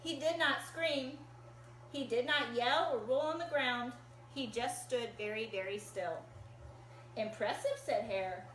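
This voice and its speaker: A woman reading a picture book aloud to children in an animated, encouraging way and asking them to join in. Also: on the high side, measured pace, slight background noise. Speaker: storytime reader. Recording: echoey room.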